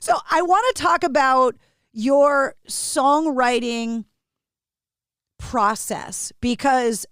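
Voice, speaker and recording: A woman's voice: sits high, very slow, fairly bright tone, clean tone, dry recording, clean studio sound. A woman from the Boston area who hosts on radio, interviewing a guest with blunt, salty banter. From Boston area, Massachusetts. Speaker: radio host. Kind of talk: podcast interview.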